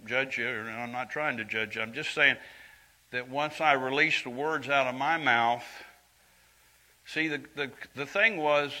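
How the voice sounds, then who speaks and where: Older man preaching, bright voice. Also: mid-range voice, unhurried, rough recording. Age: 70s. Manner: earnest and conversational, swinging from quiet confiding to loud emphatic lines. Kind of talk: sermon.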